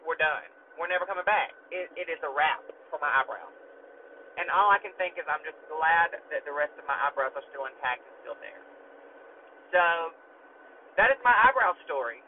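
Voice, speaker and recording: A man in a slightly high register tells a story on his podcast, chatty and animated, with fillers and casual swearing. The sound is thin and phone-like, with a faint hiss underneath. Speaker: podcast host.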